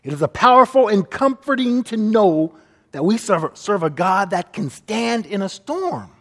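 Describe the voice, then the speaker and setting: A man's voice: high voice, big pitch swings, unhurried, fairly bright tone, big-room sound. A man preaching a sermon as pastor, earnest, and often acting out the people he quotes.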